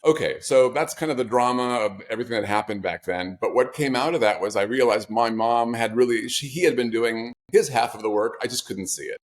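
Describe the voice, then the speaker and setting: A man's voice: mid-range voice, fairly quick, few pauses. A man, the author guest in an interview, telling personal stories in a reflective, conversational way with flashes of wry humor.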